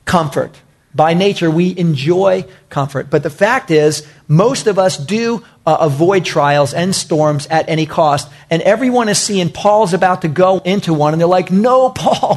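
A male pastor preaching with a slightly higher voice. He repeats short phrases for emphasis and calls his listeners "guys". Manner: emphatic and repetitive, talks to the congregation as "guys". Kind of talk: sermon.

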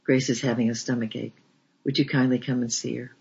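A man reading the lines of a humble, gentle pastor in a story, in a quiet, pleading way, with a gravelly, husky voice on a dull lo-fi recording. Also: medium pitch, little pitch movement, a little fast. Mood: polite.

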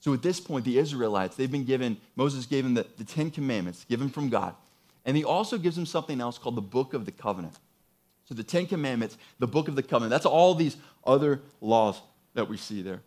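A man's voice: medium pitch, brisk. A man preaching a sermon, reading scripture and then explaining it with emphatic, rising passages and repeated phrases. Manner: emphatic, builds to excited peaks with repeated phrases. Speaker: pastor.

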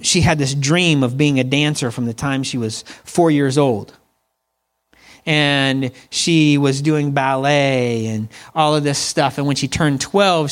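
A middle-aged man preaching a conversational sermon, calling on the congregation to respond to him. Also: medium pitch. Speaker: pastor.

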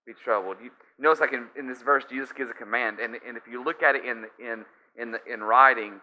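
A man's voice: medium pitch, bright, forceful tone. A man preaching a sermon, emphatic, often restarting and repeating key phrases. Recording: slightly dull lo-fi sound.

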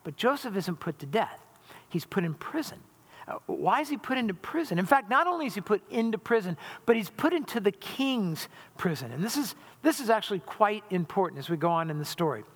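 A man's voice: high-pitched, big pitch swings, fairly quick. A man preaching a conversational sermon as a pastor, often checking in with the congregation by asking "right?". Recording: long hall reverb.

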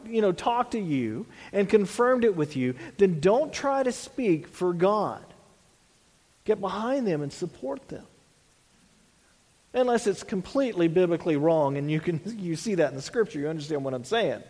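A man's voice: high voice, expressive, normal speed, darkish tone, long reverb tail. A man preaching a sermon as a pastor, earnest, restarting phrases and dropping in "you know" asides.

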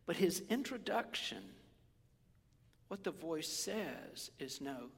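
A man preaching a sermon in a conversational, animated way, sometimes dropping to a whisper. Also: a little high, takes it slowly, vocal fry, husky, in a large hall. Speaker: pastor.

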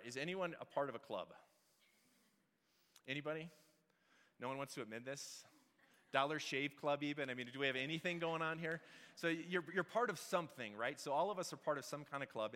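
A man's voice: mid-range voice, sharp tone. A middle-aged pastor preaching a casual, joking sermon and asking his congregation questions. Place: church hall. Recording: reverberant hall.

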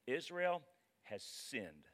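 A man's voice: sing-song, a bit bright, heavily acted. A man voicing God as a stern, grave judge handing down a verdict. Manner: low, grave, measured. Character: stern divine voice passing judgment.

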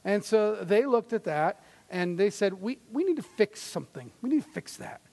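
A high-pitched man delivers a sermon in an earnest, conversational way, stumbling and restarting now and then. His voice carries a long reverb from a church sanctuary. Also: very animated, moderate pace, creaky, a little mellow. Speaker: pastor.

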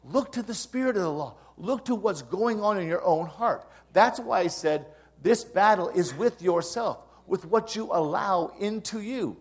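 High-pitched man preaching a sermon. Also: expressive, measured pace, husky. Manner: earnest, conversational preaching with emphatic rises. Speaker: pastor.

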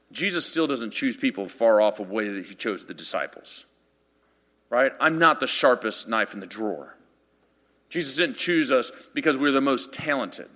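A man in his thirties preaching a sermon, telling funny stories about himself and building up to loud, emphatic passages. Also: medium pitch. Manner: animated storytelling with self-deprecating humor, building to loud emphatic passages. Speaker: pastor. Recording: long reverb of a large hall.

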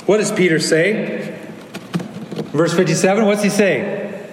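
A man's voice: sits high, unhurried, noisy background. A man preaching a sermon as pastor, earnest, sometimes acting out the people in the story. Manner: earnest, acts out quoted lines. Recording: echoey hall, faint ambience.

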